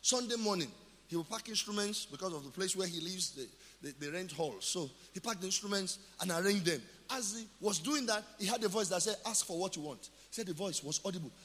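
Nigerian pastor, bright and forceful, echoing. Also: male voice, high-pitched, brisk. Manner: call-and-response questions, building to shouted declarations. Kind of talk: sermon. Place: church.

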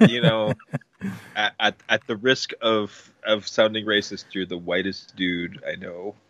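A man's voice: lowish voice, expressive, slow, long pauses, fairly bright tone, no echo, dull audio. A man hosting a podcast, opening with a sing-song hype intro, then chatting in a playful, rambling way. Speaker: podcast host. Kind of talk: casual chat.

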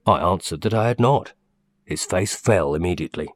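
A man reading a classic story aloud in the first person, measured and expressive. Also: deep voice, no echo, clean studio sound. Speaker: audiobook narrator.

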